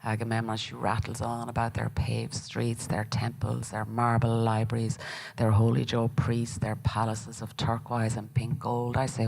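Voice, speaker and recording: Gravelly woman giving a dramatic reading. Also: extremely low pitch, completely flat delivery, moderate pace, darkish tone, rough recording. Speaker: playwright reading her work.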